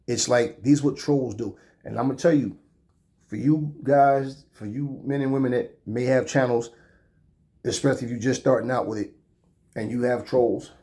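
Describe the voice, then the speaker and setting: Brief: male channel host, casual and blunt, swears freely, mid-pitched voice. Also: darkish tone. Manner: blunt, profane, rambling. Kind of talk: casual talk to camera.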